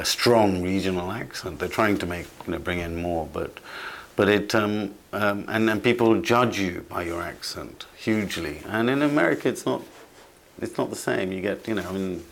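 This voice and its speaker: A man giving conversational commentary as an interview guest, halting with frequent restarts and repeated words. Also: low-pitched, gravelly, a little hiss or hum.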